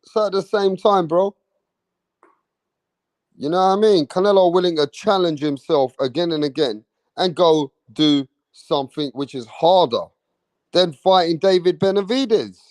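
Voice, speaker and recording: A man's voice: high voice, moderate pace, no room sound. Brash man hyping his livestream. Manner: brash, swearing, slangy, loud hype bursts. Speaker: livestream host. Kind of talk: casual livestream chat reading viewer comments.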